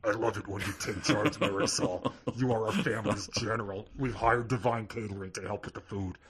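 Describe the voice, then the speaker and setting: A man doing a gravelly sinister speaker voice. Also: on the low side, fairly even intonation, a little fast, a bit bright. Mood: menacing. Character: creepy disembodied male voice from a tinny corner speaker.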